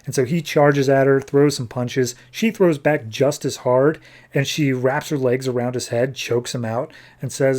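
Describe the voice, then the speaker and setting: A man's voice: mid-range voice, steady tone, moderate pace, a little mellow. A man hosting a podcast, casually retelling a comic book plot and paraphrasing the characters with lots of "he's like". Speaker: podcast host.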